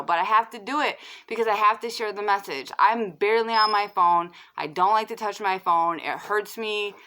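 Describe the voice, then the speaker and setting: A woman vlogger talks straight into the camera in an impassioned rant. Her voice is bright and edged, and she presses her points hard, repeats herself, and leans on "like" as she goes. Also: mid-range voice. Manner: heated and insistent, repeats herself, many fillers of "like".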